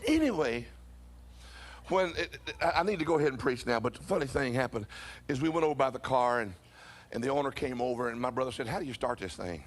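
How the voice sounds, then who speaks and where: A pastor telling a funny story during a church sermon, animated and often chuckling as he talks. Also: mid-range voice, quick pace.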